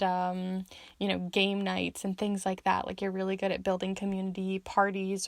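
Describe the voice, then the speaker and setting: A woman's voice: medium pitch, vocal fry, no room sound. A young woman giving a chatty tarot reading, full of fillers, who says she is losing her voice. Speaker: tarot reader.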